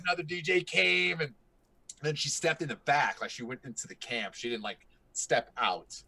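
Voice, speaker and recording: A middle-aged man chatting casually, telling a story with lots of swearing and acting out his own excited reactions. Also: fairly high pitch, moderate pace, gravelly, breathy edge. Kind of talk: casual chat.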